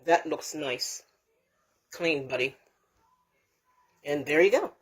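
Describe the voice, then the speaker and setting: A woman's voice: deep voice, animated, slow. Rambling woman giving a home cooking how-to. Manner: chatty and rambling, with frequent restarts and self-corrections; warm, blessing her viewers. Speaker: home cooking and canning channel host. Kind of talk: casual how-to vlog. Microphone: handheld phone camera.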